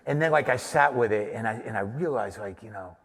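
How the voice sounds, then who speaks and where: A man's voice: fairly low pitch, fairly quick, vocal fry, fairly bright tone, long reverb tail. A man from New Mexico, a comedian and podcaster, telling a long, profane, self-deprecating story in a live on-stage conversation. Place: theater stage before an audience.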